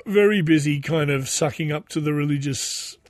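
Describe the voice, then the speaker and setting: A middle-aged Australian man rambles through a casual podcast monologue, slightly higher-voiced than most men. He sounds sardonic and chatty, drifting into asides. The sound is dry and close, with no room at all. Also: moderate pace, no echo. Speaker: podcast host.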